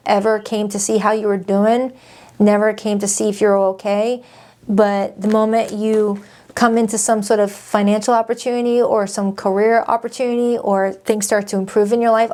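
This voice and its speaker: A woman's voice: medium pitch, little pitch movement, moderate pace, darkish tone. A woman doing a casual tarot reading, chatty and emphatic, often repeating her phrases. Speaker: tarot reader.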